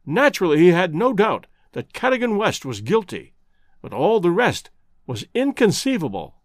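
A man voicing a grieving middle-aged colonel who speaks in a halting, earnest way. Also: high-pitched, very animated, no room sound, studio quality.

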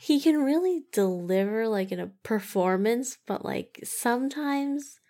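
A woman's voice: on the high side, expressive, unhurried, mellow. A young woman co-hosting a casual movie review podcast, chatty and full of "like". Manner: chatty, heavy use of "like". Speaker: podcast co-host.

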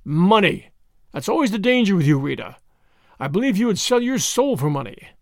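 A man voicing an excitable, menacing male conspirator who snarls and frets. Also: high voice, moderate pace, no room sound, studio quality. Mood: agitated. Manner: agitated, snarling, suspicious.

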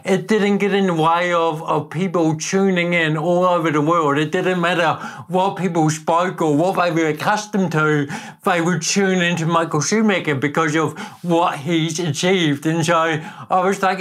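A man's voice: on the high side, steady tone, measured pace, fairly bright tone. Upbeat New Zealand man, slightly shaky voice. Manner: upbeat, laughs easily. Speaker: podcast guest, motivational speaker. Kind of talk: casual interview chat.

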